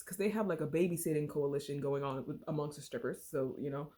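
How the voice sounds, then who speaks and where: A woman's voice: deep voice, fast, mellow. A woman casually retelling a book's plot in a slangy, chatty way full of fillers. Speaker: book reviewer. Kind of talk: casual book recap.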